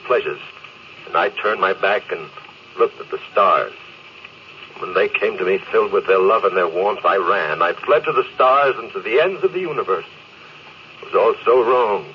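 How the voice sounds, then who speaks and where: A man's voice: on the low side, expressive, normal speed, close to an everyday voice. A man playing a doomed, regretful spaceship captain. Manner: brooding, confessional, weary. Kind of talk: 1950s radio drama acting. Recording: dull old radio recording with hiss.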